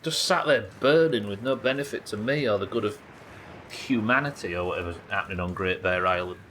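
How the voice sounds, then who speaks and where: A man commentating his own live game stream, excitable, swearing and talking to his chat. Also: fairly low pitch, fairly quick, a little hiss or hum.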